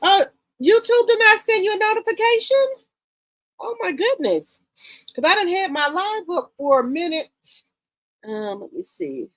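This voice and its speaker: A woman's voice: extremely high pitch, animated, measured pace, long pauses, fairly bright tone, no echo. A woman hosting a casual livestream, greeting viewers one by one with repeated hellos in an informal, chatty way. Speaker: livestream host.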